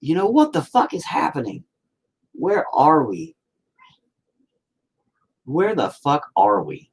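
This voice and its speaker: A man's voice: on the high side, wildly swooping pitch, slow pace, vocal fry, husky. An American man who hosts his own channel rants casually and profanely while painting, with sarcastic asides. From United States. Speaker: channel host.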